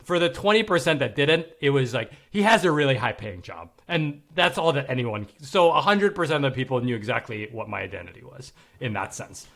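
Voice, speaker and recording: A man's voice: medium pitch, lively intonation, a little fast, creaky, hardly any pauses, fairly bright tone. A man in his forties, a podcast guest, telling a candid personal story in casual conversation, swearing now and then and acting out the people he quotes.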